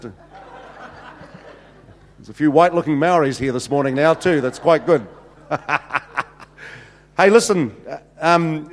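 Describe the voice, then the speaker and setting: NZ man preaching, jokey storyteller, slightly high voice, echoing hall. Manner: chatty, jokey, many restarts and "you know"s. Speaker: pastor. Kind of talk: humorous sermon storytelling. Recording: reverberant hall.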